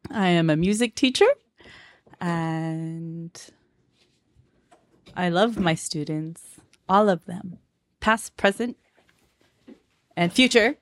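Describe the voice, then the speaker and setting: A young adult woman co-hosting a podcast, chatting playfully and a little hesitantly. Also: mid-range voice. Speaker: podcast co-host, music teacher. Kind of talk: casual chat.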